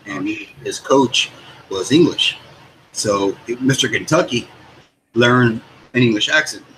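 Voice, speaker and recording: A man's voice: medium pitch, a little slow, a bit bright, slight background noise, low-quality recording. A man from the United States in casual chat, telling stories in a rambling, stop-start way.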